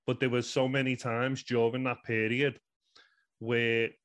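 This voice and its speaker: A man in his thirties with a Liverpool accent, earnestly telling a personal story in a rambling way, full of "you know" fillers. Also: medium pitch. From England. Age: 30s. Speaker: guest.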